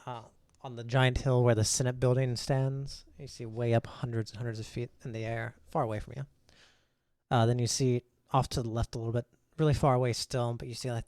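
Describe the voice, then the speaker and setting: A man narrating a tabletop game as game master in a relaxed, filler-heavy way. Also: medium pitch, dry recording, studio quality.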